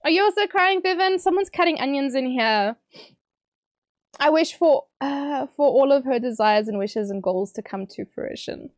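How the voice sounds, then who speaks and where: A woman streamer reading out viewer messages on a livestream, teary and emotional, bubbly and quick to laugh. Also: high-pitched, animated, no room sound, clean studio sound.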